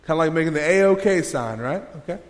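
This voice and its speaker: A man's voice: fairly high pitch, lively intonation, brisk. A man preaching a sermon as pastor, casual and joking, leading the congregation through a hands-on exercise. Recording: long hall reverb.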